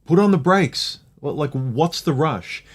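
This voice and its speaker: A man's voice: fairly high pitch, expressive, measured pace, breathy edge. A middle-aged man hosting a casual livestream chat, opinionated and ranting, with many "like"s. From Australia. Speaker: livestream host.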